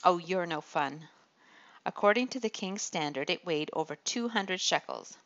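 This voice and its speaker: A woman's voice: mid-range voice, expressive, normal speed, fairly bright tone, highs cut off. A woman reading an audiobook and voicing a vain, spoiled young prince who whines, preens and pouts. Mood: sulky. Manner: whiny, preening, pouting.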